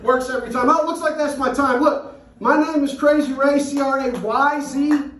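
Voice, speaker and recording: A man's voice: very high-pitched, steady tone, moderate pace, a bit bright, echoey room, recorded from a distance, low-quality recording. A man doing a crude stand-up set in a comedy club, acting out an argument with his dog. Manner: crude, acts out voices of his dog and friends. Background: audience laughing.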